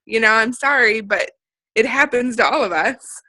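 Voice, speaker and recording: A woman's voice: fairly high pitch, moderate pace, bright, forceful tone, no room sound, low-quality recording. A woman from central Illinois, a guest speaker on a video call for a sales team, chatting and acting out the conversations she has had. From central Illinois, USA. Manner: chatty, acts out quoted conversations.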